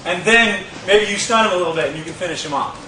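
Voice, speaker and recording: A man teaching a martial arts move in a lively, demonstrative way, with sound effects, recorded from a distant camera. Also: sits high, fast, slight background noise. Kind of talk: casual instructional demonstration. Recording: echoey gym from far off with crowd.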